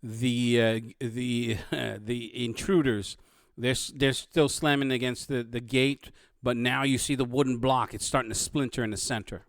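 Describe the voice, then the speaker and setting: A man narrating a tabletop game as dungeon master, halting and full of restarts. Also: medium pitch, fairly even intonation, dry recording, clean studio sound.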